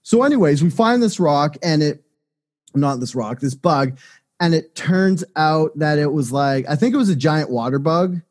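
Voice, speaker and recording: A man's voice: on the high side, animated, normal speed, darkish tone. A man co-hosting a casual podcast, telling crude, joking stories from his day. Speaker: podcast co-host.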